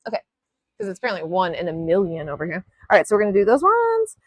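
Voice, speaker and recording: A woman's voice: on the low side, wildly swooping pitch, fast, no echo, muffled recording. A young woman hosting a live nail art tutorial from her home studio, chatting casually, rambling and often breaking off to apologize. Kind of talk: casual live-stream chat while demonstrating.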